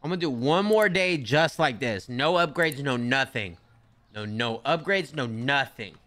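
A man's voice: medium pitch, animated, a little slow, fairly bright tone. A young man giving casual, slangy commentary while playing a store game, talking to himself and to the characters on screen. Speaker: gaming streamer.

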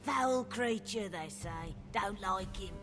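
A woman voicing a stern, protective old ghost of a well who speaks slowly and eerily. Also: medium pitch. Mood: eerie. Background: game music.

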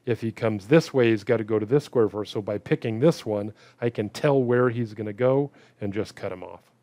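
A man's voice: fairly low pitch, moderate pace, dark tone, dry recording. A man casually commenting while playing a puzzle game, thinking aloud and muttering about his own mistakes.

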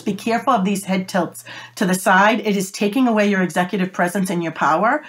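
A fast-talking woman, giving animated, emphatic advice as an interview guest. Her voice is a little whiny and squeaky, and it sits at a middling pitch for a woman. She talks over a video call from her home office. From Boston, USA. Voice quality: self-described whiny, squeaky voice. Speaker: guest, body language expert. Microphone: video call setup.

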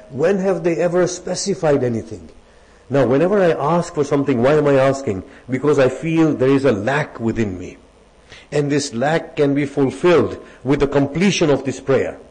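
Guy preaching a sermon, kinda high voice, emphatic, lots of rhetorical questions, rattles off arabic verses quick. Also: expressive, a little mellow, low-quality recording. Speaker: lecturer. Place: religious centre.

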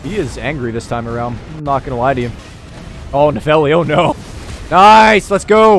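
A young man commentating his own boss fight in a video game, excitable and quick to yell and laugh. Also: a little high, music in the background. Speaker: gaming YouTuber. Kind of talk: let's play commentary.

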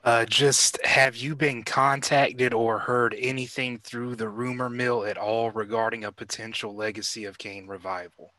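A man co-hosting a podcast, his voice bright and forward, asking his question slowly and haltingly. His pitch sits mid-range. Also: little pitch movement, rough recording. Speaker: podcast co-host. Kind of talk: casual interview chat.

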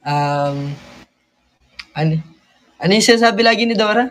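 A man's voice: high voice, expressive, measured pace, pauses often, a bit bright. Giggly young man with a Filipino accent. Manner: playful, giggly, mixes languages. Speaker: livestream host. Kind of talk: casual live chat. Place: at home.

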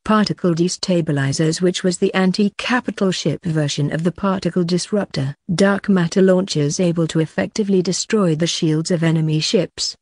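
An audiobook narrator reading a science fiction story in an even, steady way. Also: medium pitch, no room sound, studio quality. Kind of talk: scripted narration.

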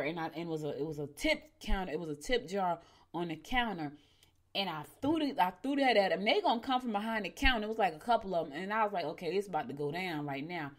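A middle-aged woman hosting a morning show. She tells stories casually, often calls her listeners "y'all," and her voice jumps suddenly in pitch and loudness. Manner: chatty, addresses listeners as "y'all". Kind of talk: casual storytelling and horoscope reading.

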